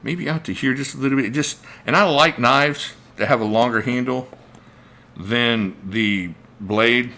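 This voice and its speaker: A man's voice: medium pitch, unhurried, sharp tone. A man hosting a casual livestream, rambling and thinking aloud as he greets viewers by name. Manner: reads out viewer names mid-talk. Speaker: knife channel host.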